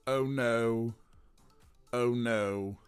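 A man's voice: medium pitch, fairly even intonation, extremely slow, clean tone. A man streaming a game, chatting casually with his viewers and laughing often, with faint game music behind. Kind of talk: casual let's-play commentary.

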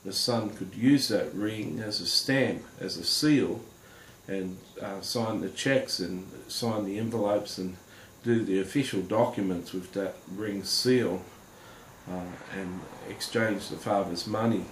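A man with a lowish voice gives an earnest Christian testimony straight to camera, halting often with pauses and fillers. The room echoes, with faint background noise.

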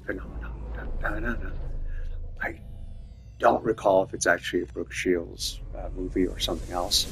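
A man's voice: low voice, fairly even intonation, normal speed, gravelly, a bit bright, a little hiss or hum. A man talking casually over his own gameplay in a dry, wry way, muttering to himself. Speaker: gameplay video creator.

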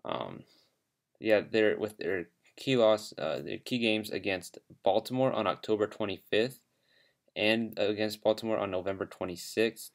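A man's voice: lowish voice, unhurried, vocal fry. A man hosting casual football predictions, talking with lots of hesitations, ums and restarts. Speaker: host.

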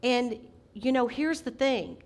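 A woman's voice: fairly high pitch, takes it slowly. Impassioned woman preaching. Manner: impassioned preaching with sudden loud outbursts. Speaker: senior pastor. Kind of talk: sermon.

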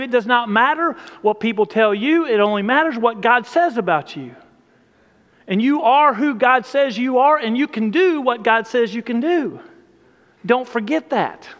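A man delivers a sermon from the pulpit, his fairly high voice rising on emphatic, repeated phrases. The sound carries the long reverb of a church sanctuary. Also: fairly bright tone. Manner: emphatic, repetitive preaching cadence. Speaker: pastor.

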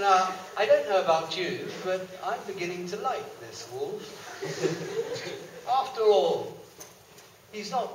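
A man's voice: high-pitched, fairly bright tone, slight background noise. A man reading a children's story aloud on stage, playful and full of joking asides. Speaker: storyteller at a variety show. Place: stage in a hall. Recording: echoey hall from far off.

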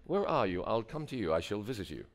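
A man voicing a polite, eager British male pastor who speaks softly and courteously. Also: fairly low pitch, big pitch swings, quick pace, long reverb tail.

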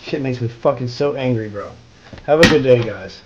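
A man streaming live, ranting angrily and swearing nonstop, with yelling outbursts. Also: mid-range voice, normal speed, muffled recording, very noisy. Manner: profane, swears constantly. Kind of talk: angry stream rant.

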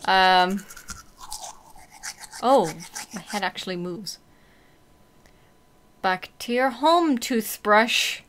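A woman playing a horror game and commenting out loud, reading the text, swearing and reacting to scares. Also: medium pitch, expressive, very slow, pauses often, slight background noise. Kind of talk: let's-play commentary.

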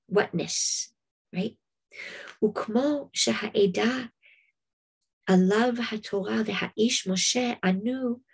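Slow, husky woman teaching Torah. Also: fairly low pitch, darkish tone. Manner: reflective, with many fillers and repeated "right?". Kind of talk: spiritual Torah class.

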